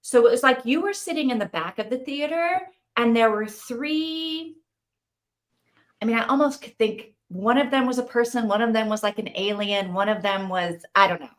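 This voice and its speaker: Woman, middle-aged, fairly high voice, casual livestream chat, animated. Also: normal speed. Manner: chatty, animated storytelling with laughs. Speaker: book club host.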